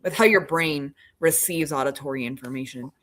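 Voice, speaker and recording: A woman's voice: deep voice, moderate pace, a bit bright, slight background noise. A woman from Oklahoma co-hosting a podcast in casual chat, rambling with many fillers and restarts. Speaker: podcast co-host.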